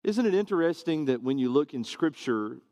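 A man's voice: fairly high pitch, animated, a little fast, darkish tone, dry recording, clean studio sound. A man preaching a sermon to his congregation, earnest and conversational, often asking rhetorical questions.

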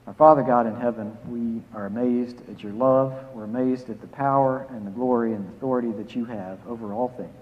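A man pastor reading scripture, preaching and leading a prayer, emphatic on key phrases and dropping soft to pray. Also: mid-range voice, steady tone, brisk, hardly any pauses. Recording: phone-like sound with long hall reverb.

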